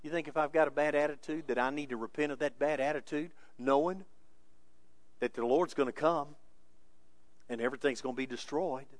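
A male pastor preaching a sermon with emphasis, moving between quiet asides and raised, insistent points. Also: a little high, brisk, no room sound.

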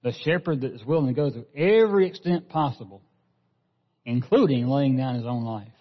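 A man's voice: mid-range voice, brisk. A man preaching a sermon as pastor, earnest, often repeating a word as he restarts a phrase. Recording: dull lo-fi sound with long hall reverb.

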